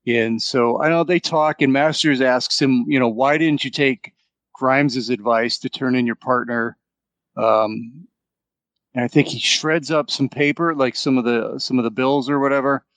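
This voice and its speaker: A man on a pop culture podcast narrates a film's climax, pausing often to pick up his thread. His voice is mid-pitched and the recording is dry and close, with no room sound. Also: fairly even intonation, a bit bright, no echo. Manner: halting, full of ums and restarts. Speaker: podcast co-host. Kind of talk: casual movie recap.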